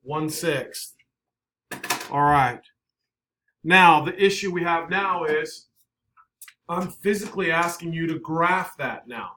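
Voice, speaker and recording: A man teaching a math class, brisk and coaxing, often checking in with the students. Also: fairly high pitch, bright, forceful tone. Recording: echoey classroom, faint noise.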